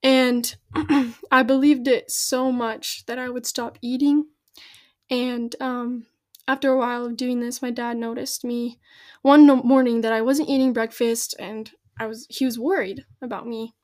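A woman's voice: on the high side, flat delivery, unhurried. Giggly young woman telling her story. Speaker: guest. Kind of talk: casual podcast chat.

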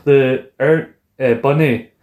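A man's voice: medium pitch, steady tone, slow, narrow, tinny audio. Rambling man in an echoey room. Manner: rambling, acts out quotes from scenes. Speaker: podcast co-host. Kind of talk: casual review chat.

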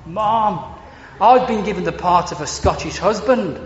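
A man voicing an excited little Scottish boy, eager and breathless, in a sermon joke. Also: high-pitched, a little slow, slight background noise. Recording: echoey hall, dull lo-fi sound.

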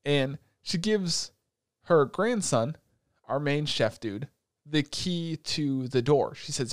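A man co-hosting a casual podcast, retelling an anime with animated swearing and laughter. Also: on the high side, slow pace, dry recording, studio quality. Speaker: podcast co-host.

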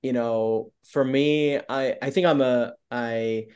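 An upbeat man talks as a podcast guest, open and candid. His voice sits at an ordinary middle pitch. He strings his stories together with a lot of "like". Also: fairly even intonation, takes it slowly, a little mellow, smooth. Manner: upbeat, open storyteller who leans on "like" a lot. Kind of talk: casual interview chat.

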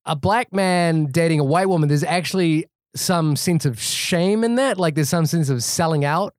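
A man from India chatting casually about a film as a podcast host, animated and full of restarts and fillers. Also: a little high, moderate pace, dry recording, clean studio sound. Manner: animated, thinks aloud with many restarts and fillers.

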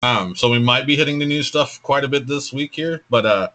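A man with a bright, forceful voice talking casually as a podcast co-host. He is blunt and opinionated and swears freely. His pitch sits in an ordinary middle range. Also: fairly quick. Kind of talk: casual wrestling chat.

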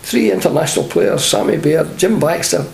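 A man's voice: on the high side, expressive, moderate pace, gravelly, a little mellow, a little hiss or hum. An older man with a Scottish accent, a former footballer telling humorous anecdotes in an interview and laughing along. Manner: chatty, humorous, laughs at his own stories. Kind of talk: anecdotal storytelling.

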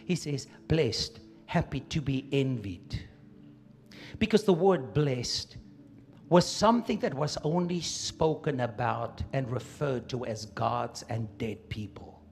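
A man preaching a sermon to his church, swinging from quiet asides to loud emphatic peaks. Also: a little high, breathy edge. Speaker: pastor.

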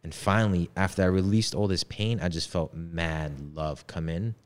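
Deep-voiced young man, laid-back storytelling. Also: steady tone, normal speed. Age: 20s. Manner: laid-back slangy talk. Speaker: podcast guest. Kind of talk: casual storytelling.

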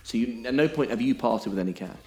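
A man's voice: mid-range voice, animated, fast talker, darkish tone. A man explaining things on a podcast in an emphatic way, often checking in with "okay?". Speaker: podcast co-host.

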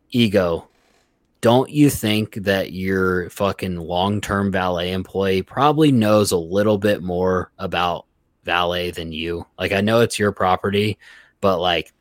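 Low-voiced man swearing through a story. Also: no room sound, clean studio sound. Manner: profane storytelling, acts out quoted coworkers. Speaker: podcast guest. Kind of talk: casual podcast chat.

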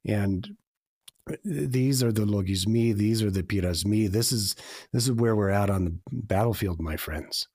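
A man's voice: fairly low pitch, unhurried, a little mellow, slightly rough, no room sound, studio quality. A man in a reflective faith conversation, speaking earnestly and confessionally, repeating phrases for emphasis.

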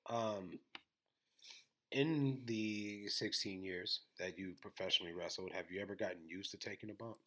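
A man's voice: on the low side, normal speed, a bit bright. A man co-hosting a casual podcast chat, mostly giving short reactions and asking questions.

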